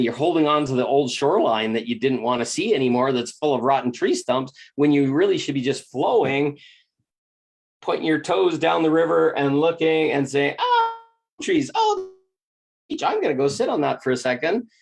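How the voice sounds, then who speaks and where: A man giving an earnest, animated spiritual talk, often acting out quoted inner voices. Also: a little high, creaky. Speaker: spiritual teacher.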